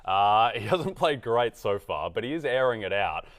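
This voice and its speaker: A man's voice: fairly low pitch, big pitch swings, normal speed, a bit bright. A young man with an Australian accent, co-hosting a fantasy football show in easygoing, dry banter. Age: young adult. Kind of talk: casual sports chat.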